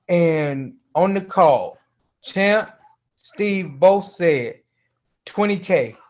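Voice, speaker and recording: Earnest high-voiced man. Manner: earnest, emphatic, repeats key points. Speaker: group member guest. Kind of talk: casual livestream chat.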